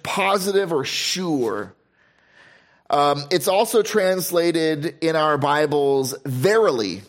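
A male pastor preaches in a fairly high voice, leaning hard on key phrases and slowing right down to stress them. Between those points he drops into easy, joking asides, as if chatting with his congregation. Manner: conversational asides and humor. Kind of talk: sermon.

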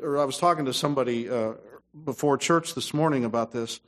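A man preaching a sermon as pastor, dropping to low asides and rising to loud, emphatic passages. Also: animated, normal speed.

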